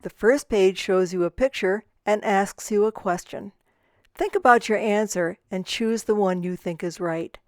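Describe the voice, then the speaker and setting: A woman reading calm, friendly instructions for a children's picture-book quiz. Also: mid-range voice, unhurried, no echo, studio quality. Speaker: narrator giving instructions. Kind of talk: instructional read-aloud.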